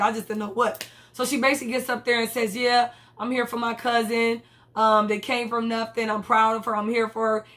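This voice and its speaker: A young woman casually recapping a TV episode, swearing freely and acting out the characters' lines. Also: on the high side. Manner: animated, profane, acts out characters' lines. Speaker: TV episode reviewer.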